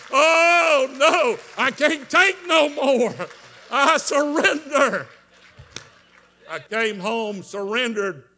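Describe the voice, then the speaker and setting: A man preaching a revival sermon, telling a story with strong emotion, moving from hushed tones to shouts. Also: on the high side. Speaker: evangelist preacher.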